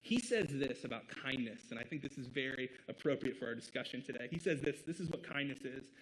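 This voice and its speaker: A man's voice: mid-range voice, lively intonation, brisk, a bit bright, a little hiss or hum, poor audio. A man from the American Midwest preaching a sermon as pastor in an earnest, conversational way, with short laughs between points. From Midwest United States.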